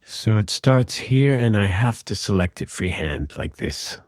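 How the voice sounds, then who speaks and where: A man calmly and methodically walking through an audio repair tutorial in voice-over. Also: fairly low pitch, a little slow, dry recording, studio quality. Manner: calm, methodical explaining. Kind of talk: screen-recorded software tutorial.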